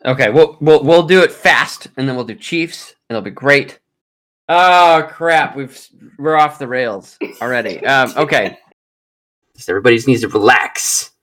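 A man hosting a casual sports podcast, joking and rambling with quick asides. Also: mid-range voice, a bit bright. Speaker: podcast host.

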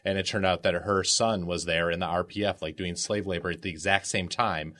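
A man's voice: deep voice, fairly even intonation, fairly quick, bright, forceful tone. A man talking through a book in a casual panel discussion, dropping frequent "like"s. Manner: conversational, filler-heavy with frequent "like".

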